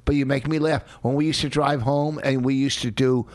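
A man's voice: medium pitch, steady tone, brisk, darkish tone. A middle-aged man co-hosting a podcast with his wife, teasing her in a mock-exasperated way. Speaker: podcast co-host. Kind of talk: casual bickering chat.

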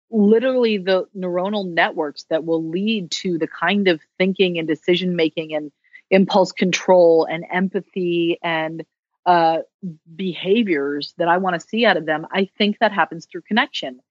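A social worker appears as a podcast guest in a casual interview, talking candidly and chattily with self-deprecating humor. Her voice sits lowish, and the audio is dull with no room sound.

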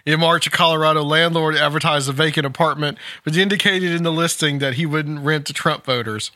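A man with a bright, somewhat high voice reads a news article aloud with casual amusement, breaking into chuckles. The sound is close and dry, with no room around it. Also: fairly even intonation, a little fast, dry recording. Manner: amused, laughs while reading. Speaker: podcast host.

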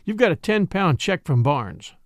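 A quiet, steely man who never raises his voice, as a male reader plays him. Measured and firm, with a dry, close sound. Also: a little high, big pitch swings, dry recording. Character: calm, steely man, quiet but hard.

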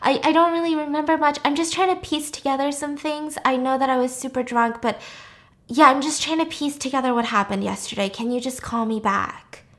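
A woman voicing a careless young mother who gushes high and fast, then turns defensive and pleading. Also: fairly bright tone. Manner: high gushing chatter, turning flustered and pleading. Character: bubbly tipsy young mom, careless and defensive.

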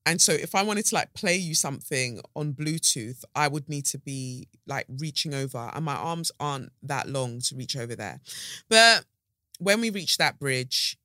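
A young woman hosting her own podcast in rambling, animated, slangy casual chat. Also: very deep voice, moderate pace, hardly any pauses, dry recording, clean studio sound. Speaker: podcast host. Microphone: studio podcast mic.

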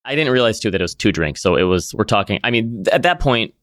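A Midwestern American man co-hosting a podcast in casual chat. He talks quickly in a lowish voice and sounds amused as he tells a story. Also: lively intonation, a bit bright. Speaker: podcast co-host.

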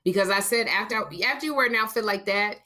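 A woman's voice: mid-range voice, quick pace, bright, forceful tone. A woman comic with a Chicago accent, telling stories and defending herself in a casual chat. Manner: storytelling, defensive. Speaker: stand-up comic and co-host. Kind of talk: casual banter.

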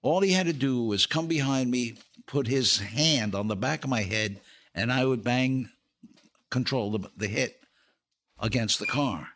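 As a podcast guest, an older actor and comedian casually tells show-business stories and laughs through the punchlines. His voice is mid-range with a fairly bright tone.

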